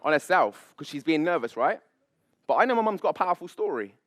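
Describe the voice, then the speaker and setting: Lively man coaching on stage. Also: fast, no echo. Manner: high-energy, playful, laughs often, talks to the crowd. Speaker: public speaking coach. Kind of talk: live seminar coaching on stage. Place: event stage before an audience.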